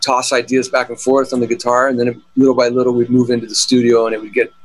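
A middle-aged guitarist talks fast in a monotone, mid-range voice as he tells rambling stories in a casual interview, with many fillers and restarts. The audio quality is poor.

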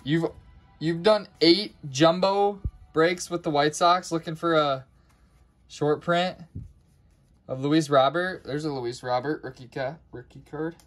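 A man's voice: fairly high pitch, a little slow, soft background music. Man rattling off cards, casual break host. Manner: rattles off card names, stumbles and restarts words. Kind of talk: casual live card break commentary.

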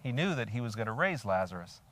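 A man's voice: medium pitch, sing-song, fast talker, a bit bright. Earnest older man preaching a sermon. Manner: earnest and reflective, asks the listener direct questions; reads scripture aloud with rising emphasis. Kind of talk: sermon on a scripture passage.

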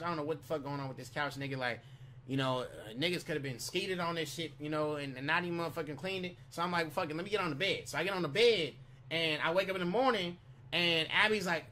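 A man's voice: fairly high pitch, a little hiss or hum. A man casually telling a long, profane story as a vlogger, rambling with restarts and repeated "you know what I'm saying". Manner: animated retelling with quick restarts.

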